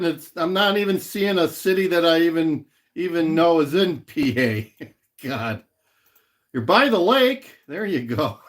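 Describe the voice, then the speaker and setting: A middle-aged man hosts a casual livestream from home, reading viewer comments aloud and answering them. He talks slowly, repeating phrases as he goes. His pitch swings widely from line to line. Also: a bit bright. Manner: rambling, repeats himself, reads and answers viewer chat. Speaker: livestream host. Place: home in Illinois.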